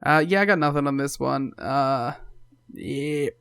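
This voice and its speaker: A man's voice: mid-range voice, measured pace, creaky, a bit bright, clean tone. A man co-hosting a casual wrestling podcast, making dry, joking asides. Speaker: podcast co-host.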